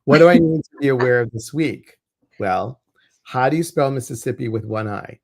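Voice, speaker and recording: A chatty male co-host reads viewers' questions and oracle cards on a casual livestream. His voice sits at a middle pitch and his delivery stays loose, with teasing asides and bad dad jokes. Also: normal speed.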